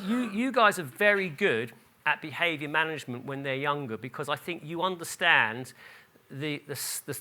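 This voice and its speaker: British male speaker, brisk and bright, checks in with the room, stumbles over his words. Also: fairly high pitch. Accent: British English. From Britain. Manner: animated, asks the audience "does that make sense, really?"; frequent restarts and repeated "the, the". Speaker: conference speaker on behaviour. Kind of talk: lively conference talk. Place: lecture hall.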